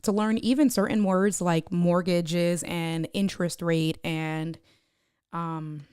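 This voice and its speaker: A woman's voice: lowish voice, fairly even intonation, slow, a little mellow, smooth, dry recording, clean studio sound. A woman live streamer chatting casually and rambling to her viewers, reading their chat messages aloud. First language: Spanish (bilingual).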